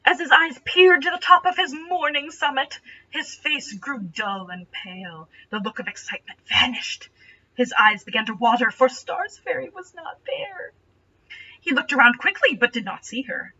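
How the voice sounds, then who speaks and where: Young woman reader, bright tone, deadpan sarcastic asides, slightly distant, lo-fi home recording. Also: high voice, normal speed. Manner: dry, mocking, deadpan asides. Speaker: reader and commentator. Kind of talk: reading fanfiction aloud with sarcastic asides. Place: bedroom at home.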